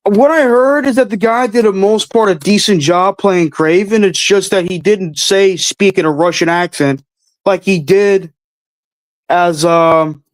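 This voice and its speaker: A man's voice: high voice, a little slow, no echo. A man hosting a livestream, answering chat questions with blunt, offhand opinions and casual swearing. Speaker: host answering live chat.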